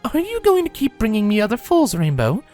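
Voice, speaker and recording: A man's voice: high-pitched, wildly swooping pitch, a little fast, darkish tone, faint music behind, voice pushed up. A man voicing a regal royal mare with a dry, amused manner in a fanfiction reading. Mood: wry. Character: regal, wry royal mare, mother figure.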